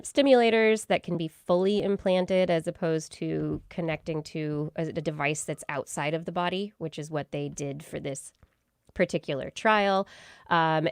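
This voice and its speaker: A woman with a low, smooth and resonant voice talks through a research study on a science podcast. She explains things casually, often restarting her sentences and using fillers. The sound is dry and close. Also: no room sound. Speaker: podcast co-host.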